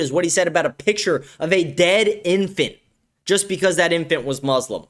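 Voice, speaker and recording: A man's voice: on the high side, a little fast. A man hosting a live-stream political commentary show, ranting angrily and swearing often. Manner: angry, profane ranting. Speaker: show host.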